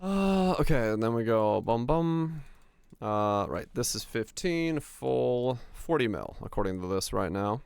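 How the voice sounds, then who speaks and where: A man's voice: medium pitch, very animated, measured pace, vocal fry, a little mellow, clean tone, dry recording. A young man streaming a game, chatting casually, answering chat questions and thinking aloud as he plays.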